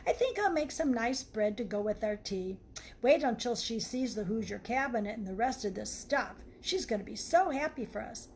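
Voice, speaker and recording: A cheerful young newlywed woman chatters away to herself in a fairly high voice, as a woman storyteller reads her part. The storybook tone stays light over a faint hiss. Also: expressive, normal speed, darkish tone. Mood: chatty.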